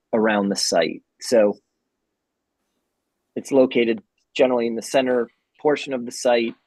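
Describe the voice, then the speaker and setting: A man presenting building designs to a town commission, earnest and halting, with many restarts. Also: on the low side, a little mellow, slightly rough, dry recording, poor audio. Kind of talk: public meeting presentation.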